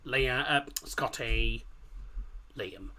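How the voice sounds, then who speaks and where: Male streamer, casual and rambling, reads out comments, average pitch. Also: drawn-out words, pushed and bright. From Middlesbrough, England. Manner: rambling, chatty, frequent fillers and restarts. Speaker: livestream host. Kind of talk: casual chat reading live comments.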